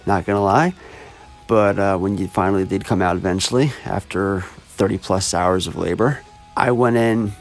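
A man in his thirties, a podcast host speaking sincerely and casually to his daughter, slightly halting at times. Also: low-pitched, gravelly. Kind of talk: heartfelt birthday message and casual podcast chat.

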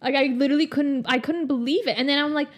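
High-voiced young woman in animated chat. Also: fast, crowd noise. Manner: animated, many "like" fillers. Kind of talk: casual chat reviewing a movie.

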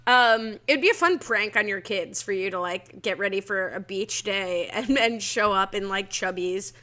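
A woman co-hosting a podcast, leading a casual episode recap with quick talk and frequent laughs. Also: medium pitch, sharp tone. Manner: quick, laughing, leads the discussion. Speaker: podcast co-host.

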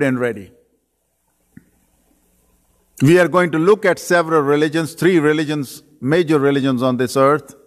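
A man who grew up in Pakistan. He preaches an earnest sermon as a guest missionary preacher, stacks phrases in threes and drops dry self-deprecating jokes. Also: mid-range voice. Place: church sanctuary. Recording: long reverb of a church sanctuary.

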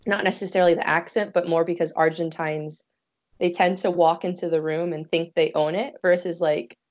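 A woman's voice: fairly low pitch, steady tone, normal speed. A woman in casual conversation, chatty and telling anecdotes with quoted dialogue. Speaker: conversation partner. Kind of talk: casual chat. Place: Montreal.

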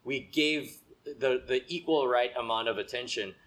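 A man's voice: mid-range voice, normal speed, a bit bright. A young man, co-hosting a casual chat in a rambling, hesitant way. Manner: rambling, self-doubting, hesitant. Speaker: podcast co-host.

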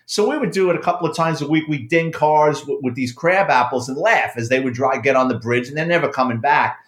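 A middle-aged man, a former police officer and author, telling a profane, animated story in casual conversation. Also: mid-range voice, brisk. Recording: roomy echo.

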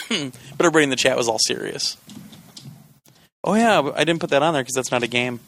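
A man's voice: mid-range voice, expressive, brisk, fairly bright tone. A man co-hosting a casual podcast, telling stories and teasing his co-host. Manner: joking, teasing storyteller. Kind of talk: casual chat.

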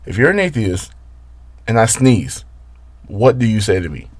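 A man telling a story in a casual, profane rant, exasperated, with his voice jumping up and down in pitch. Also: sing-song, moderate pace, a little mellow, dry recording.

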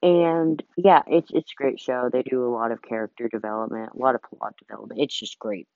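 A man's voice: mid-range voice, fairly even intonation, brisk, vocal fry, dry recording. A tired young man chatting loosely on his own podcast, rambling and saying "like" a lot. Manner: rambling, heavy use of "like", trails off. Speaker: solo podcaster. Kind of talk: casual rambling chat. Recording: dull lo-fi dry recording.

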